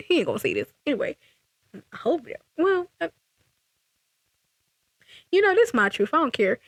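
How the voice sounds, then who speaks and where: A young woman telling a casual storytime vlog, animated and sassy, with frequent restarts and laughter. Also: mid-range voice, normal speed, pauses often, dry recording, studio quality. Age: young adult. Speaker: vlogger.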